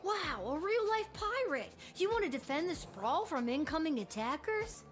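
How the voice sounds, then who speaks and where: A woman's voice: very high voice, sing-song, normal speed. A woman voicing a cheerful, wide-eyed twelve-year-old city guard in a video game. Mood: chirpy. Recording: game audio with faint music.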